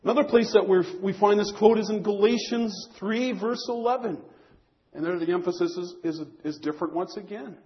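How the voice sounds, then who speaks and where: A man with a high voice preaches earnestly to his congregation, repeating key phrases and restarting his words. The recording is dull and lo-fi. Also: brisk. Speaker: pastor. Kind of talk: sermon.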